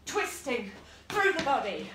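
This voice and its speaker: A woman's voice: high voice, very animated, measured pace. A woman leading an online exercise class, giving encouraging cues and countdowns with chatty asides. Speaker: fitness instructor. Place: room at home, with a dog nearby. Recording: echoey room, voice from a distance, faint noise.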